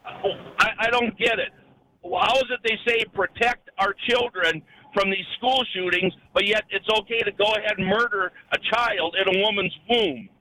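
Bright, high-voiced indignant male caller. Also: moderate pace, a little hiss or hum, poor audio. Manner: indignant, stammering restarts. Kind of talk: phoned-in talk radio call.

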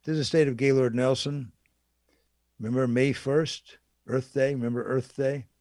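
A man delivers an impassioned political speech, piling up rhetorical questions and repeating his key phrases for emphasis. His voice sits at an ordinary male pitch, and the recording is dry and close with no room sound. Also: steady tone, normal speed, darkish tone, dry recording. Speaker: political speaker.

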